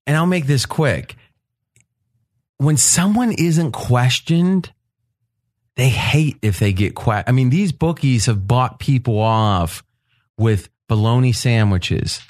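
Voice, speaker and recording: A man's voice: medium pitch, animated, takes it slowly, darkish tone. A man leads a casual roundtable talk, and his voice climbs and dips with real animation. He tells his stories at length and keeps breaking into laughter. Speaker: podcast host.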